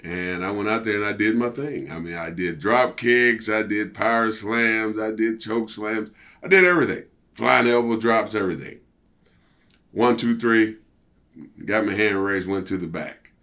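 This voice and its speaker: An older man, a former wrestler, telling a story as an interview guest in a casual, animated way and acting out what others said. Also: fairly low pitch, unhurried. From United States. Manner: animated, acts out quoted voices.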